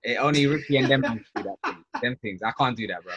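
A man's voice: medium pitch, quick pace, dull audio, crowd noise. A young man, co-hosting a casual podcast chat, joking in slang. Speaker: podcast co-host.

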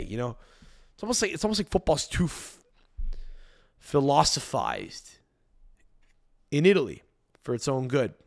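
A man's voice: mid-range voice, gravelly. A man hosting a solo football podcast in casual, rambling chat, swearing freely and often restarting or repeating his phrases. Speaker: podcast host.

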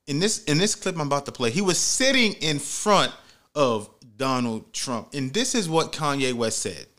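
A man's voice: a little high, animated, moderate pace, sharp tone. A man hosting a comedic commentary vlog, ranting with heavy profanity and mock outrage. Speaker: commentary host.

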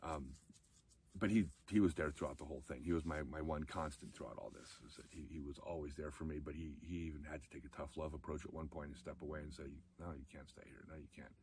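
Low husky guy telling his comeback story, candid, gets choked up. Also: fairly even intonation, fast talker, a little mellow. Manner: emotional, candid, acts out quoted friends in a raised voice. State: close to tears. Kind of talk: personal storytelling talk.

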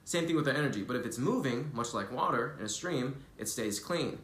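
In a vlog recorded with roomy echo, a spiritual wellness vlogger gives a casual, preachy motivational talk. His medium-pitched, fairly bright voice is expressive and brisk, and he stays loose and earnest while swearing freely.

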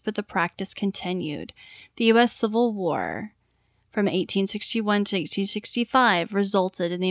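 A woman co-hosts a casual history talk, reading passages and teasing her partner. Her voice sits at a middling pitch for a woman, and the sound is dry and close to the mic. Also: no echo. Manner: playful, teasing, laughs often. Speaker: co-host. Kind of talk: casual podcast chat, reading history aloud.

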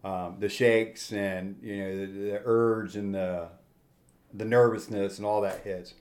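A man's voice: fairly low pitch, steady tone, unhurried, darkish tone. A man in his forties, a guest telling a personal testimony in a plainspoken, rambling way, with restarts and quoted dialogue.

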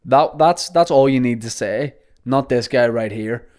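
A man's voice: medium pitch, a little slow, a little mellow. A man hosting a casual solo podcast, rambling through joking stories. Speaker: podcast host.

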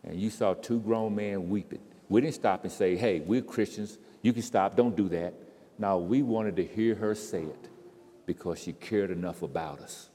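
A man preaching a sermon, swinging from quiet storytelling to loud, impassioned crescendos. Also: on the low side, normal speed. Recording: reverberant hall.

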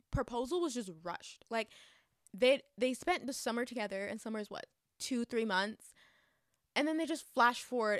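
A woman's voice: mid-range voice, clear, resonant tone, no echo, studio quality. A young woman chatting casually in a book review, gushing and talkative, with lots of fillers and restarts.

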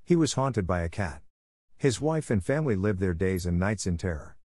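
A man reading a steady village builder. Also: low-pitched, moderate pace, no echo, studio quality. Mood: matter-of-fact. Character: calm middle-aged male village builder.

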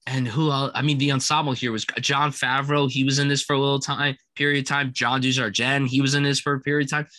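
A man's voice: medium pitch, flat delivery, fast talker, no room sound. A young man in casual film review chat, talking enthusiastically about a movie he loves. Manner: enthusiastic, quotes lines in loud put-on voices. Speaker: film podcast co-host.

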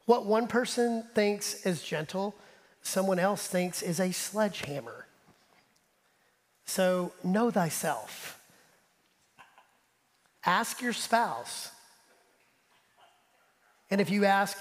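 Male pastor, high voice, animated sermon delivery, long hall reverb behind him. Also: takes it slowly, pauses often. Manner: animated preaching, drops to soft asides; talks straight to the congregation. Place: church sanctuary.

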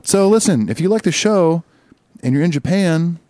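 A man's voice: a little high, animated, normal speed, dark tone, dry recording. A young man co-hosting a casual music podcast, playful and joking. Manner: playful, jokes with put-on voices. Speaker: podcast co-host.

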